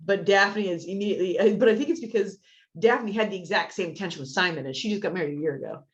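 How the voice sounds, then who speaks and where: A woman's voice: medium pitch, quick pace. Woman cohost chatting on a podcast, laughs a lot, kinda dull lo-fi audio. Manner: laughs often, acts out quoted lines. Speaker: podcast co-host. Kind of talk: casual chat.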